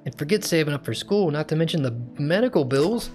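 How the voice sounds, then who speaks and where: A man's voice: fairly high pitch, animated, fairly quick, darkish tone, faint music behind, natural voice. Majima, a man reading as a tough-talking gangster boss. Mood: gruff, protective. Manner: drawling tough talk. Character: tough-talking male gangster club manager. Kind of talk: reading game dialogue aloud.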